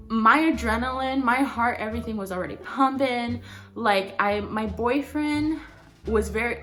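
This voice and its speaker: Young woman, vlogger, casual storytime, filler-heavy and profane, mid pitch, faint background music. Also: a bit bright.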